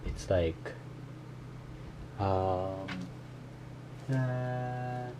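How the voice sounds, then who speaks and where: A man recording himself while learning Korean, thinking aloud and repeating phrases slowly in a casual way. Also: medium pitch, background noise. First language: English.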